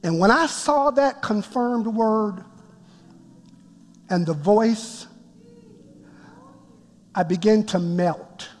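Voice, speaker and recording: A man preaching a sermon, telling his story with emphatic build-ups that rise toward shouts. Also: high-pitched, extremely slow, long pauses. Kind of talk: sermon testimony. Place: church sanctuary before a congregation. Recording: long reverb of a large hall.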